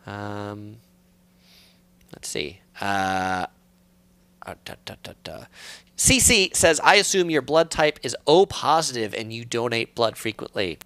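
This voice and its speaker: A middle-aged man from San Diego hosts a live stream, reading out viewer comments in a relaxed, rambling way. His pitch swings widely as he talks. The sound is close and dry, with no room echo. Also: takes it slowly, clean tone. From San Diego, California. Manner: relaxed, chatty, reads comments aloud with many fillers. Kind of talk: casual live stream chat. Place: at home.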